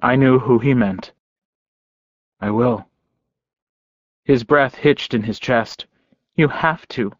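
A man narrating a novel in first person, quiet, measured and intimate. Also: medium pitch, dry recording. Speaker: audiobook narrator. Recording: dull, dry lo-fi recording.

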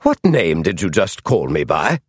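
A man voicing a cold, commanding upper-class British gentleman detective who speaks curtly and demandingly, read within an audiobook. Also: low-pitched, big pitch swings, measured pace, breathy edge, no echo, clean studio sound, exaggerated voice. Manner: curt, demanding, icy.

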